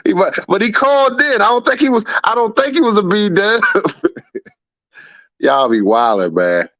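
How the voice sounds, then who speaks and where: A man's voice: high voice, big pitch swings, normal speed, a bit bright, no room sound, highs cut off. A man hosting a livestream and reading chat aloud, laughing often, repeating himself and scolding a viewer. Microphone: streaming setup mic.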